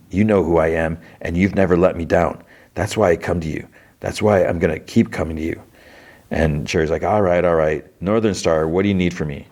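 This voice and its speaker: A man hosting a podcast, casually recapping TV episodes in quick quoted bits, with fillers and restarts. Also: low-pitched, darkish tone. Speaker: podcast host.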